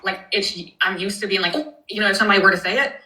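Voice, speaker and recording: A chatty, frank woman hosts a live stream and talks in a loose, casual way. Her voice is bright and sharp, and the room around her is echoey. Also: mid-range voice, flat delivery, rapid-fire. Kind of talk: casual chat.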